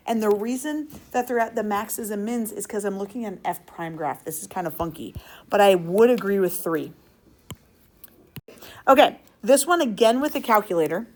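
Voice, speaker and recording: A woman teaches a class in an upbeat, playful way, quizzing the students as she works. Her voice sits at a middle pitch. She sounds like she is talking in a classroom. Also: normal speed. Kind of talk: classroom lesson.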